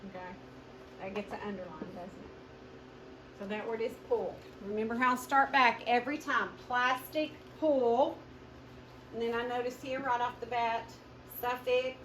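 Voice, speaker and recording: A woman's voice: on the high side, steady tone, a bit bright. A woman teaching a phonics lesson and carefully sounding out words for her students. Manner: slow, drawn-out modeling of sounds, addresses students as guys. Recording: echoey room, mic at a distance, noisy with hum.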